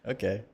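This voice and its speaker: A man commenting on a video during a live stream, brash and profane, mocking the creator and breaking into sudden loud outbursts. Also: fairly low pitch, creaky, husky.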